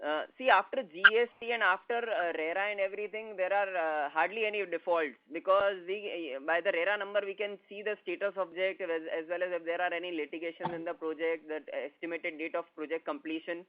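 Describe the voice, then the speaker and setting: A man, a company executive giving steady, detailed answers on an earnings call. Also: high voice, fairly quick, few pauses. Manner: steady, explanatory, with fillers. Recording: phone-like conference line.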